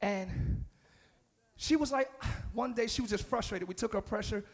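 A man preaching a live sermon in church, shouting some lines and dropping low on others. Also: moderate pace, husky. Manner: preaching with shouts and sudden drops to near-whispers. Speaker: pastor. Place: church sanctuary. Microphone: handheld or stage mic.

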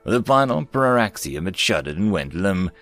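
A man narrating science fiction stories in an expressive, varied storytelling manner. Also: deep voice, normal speed, dry recording, soft background music.

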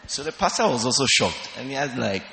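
A man telling his conversion story as a testimony in church, earnest and measured. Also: mid-range voice, expressive, vocal fry, bright, forceful tone, echoey room, long reverb tail. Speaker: church member giving testimony. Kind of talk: personal testimony on stage. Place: large church hall.

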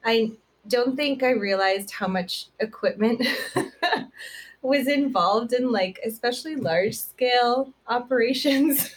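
A woman's voice: fairly high pitch, slow pace. A woman from Canada who runs a honey business with her husband, chiming in to finish his sentences during a casual interview. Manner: chimes in to finish the man's sentences. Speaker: beekeeper and co-owner.

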